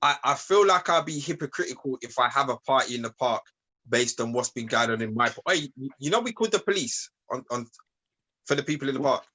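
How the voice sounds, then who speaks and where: A man's voice: medium pitch, lively intonation, fast, pushed and bright. A man co-hosting a casual podcast, telling a story and repeating his points as he goes. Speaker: podcast co-host. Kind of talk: casual chat.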